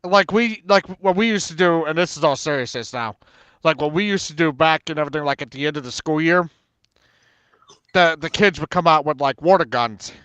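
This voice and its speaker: A man's voice: fairly high pitch, a little fast, fairly bright tone, clear, resonant tone, no echo. A man on an open talk panel, telling a school story in casual chat, rambling and full of fillers. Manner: rambling, filler-heavy storytelling, lots of "and everything".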